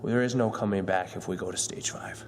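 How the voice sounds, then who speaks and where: A man's voice: sits low, steady tone, quick pace, long reverb tail, a little hiss or hum. A man hosting a comedy ghost-hunt skit, frightened and whispering to the camera.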